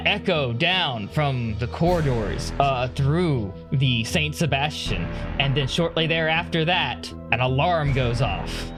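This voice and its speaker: Casual rambling game master. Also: male voice, medium pitch. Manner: casual, rambling with many fillers. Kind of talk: narrating a tabletop game.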